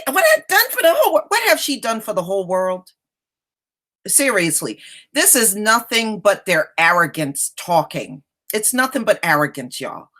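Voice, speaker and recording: A woman's voice: medium pitch, a bit bright. A woman hosting an online reaction commentary, scornful and blunt as she talks to her viewers.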